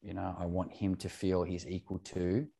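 Man, very low voice, candid podcast guest. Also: little pitch movement, moderate pace, creaky, dark tone, breathy edge. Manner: earnest, open, swears casually.

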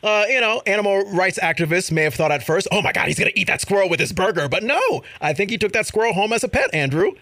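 Lively, bright-voiced male host. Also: sits high, fast, hardly any pauses, no room sound. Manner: animated, laughing, acts out quotes. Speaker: show host. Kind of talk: casual chat about viral videos.

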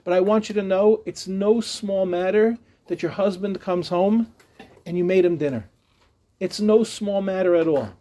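A man's voice: high-pitched, moderate pace, dark tone. A middle-aged man, a rabbi, teaching a humorous live class with chatty storytelling, jokes and restarts.

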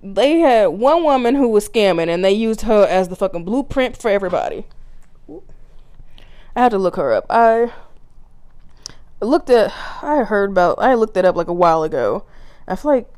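A woman's voice: mid-range voice, moderate pace, long pauses, dry recording. A woman hosting her own solo podcast, ranting casually with lots of swearing and frequent laughs. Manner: profane, animated, laughs often. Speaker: podcast host.

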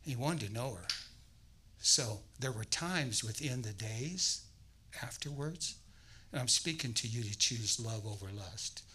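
A male guest preacher delivers a sermon with a bright, forceful voice. He tells his story in an animated way, slipping into character voices. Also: medium pitch, unhurried, breathy edge, poor audio.

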